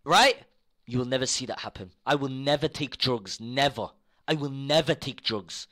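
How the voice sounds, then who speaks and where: A young man live-streaming, ranting to his chat in casual talk, swearing freely and repeating himself, jumping between low mutters and loud outbursts. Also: moderate pace.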